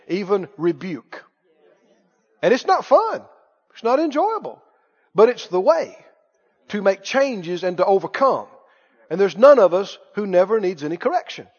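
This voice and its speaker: A man preaching a sermon, emphatic, repeating key phrases, with quick asides and laughs. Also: sits high, sing-song. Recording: muffled reverberant hall recording.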